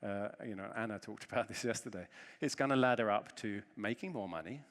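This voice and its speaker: A man's voice: fairly low pitch, brisk. Man telling a story on a stage, long hall reverb. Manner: animated, self-deprecating storytelling. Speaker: conference speaker. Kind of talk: conference keynote talk.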